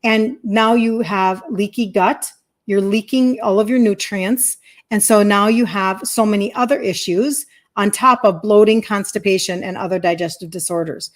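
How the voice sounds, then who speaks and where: A woman in her fifties, a health coach talking bluntly and emphatically to her audience on a live stream. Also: medium pitch. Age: 50s.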